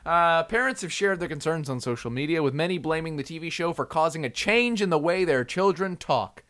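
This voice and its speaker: A man's voice: on the high side, lively intonation, brisk, fairly bright tone. A man co-hosting a casual comedy news chat, reading out stories, joking and laughing often. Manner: jokey, laughs often, reads news items aloud. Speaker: podcast co-host.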